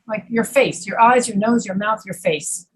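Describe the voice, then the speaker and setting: A woman teaching an English pronunciation class, patiently repeating words slowly to demonstrate sounds. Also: medium pitch, breathy edge, poor audio. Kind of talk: online pronunciation lesson.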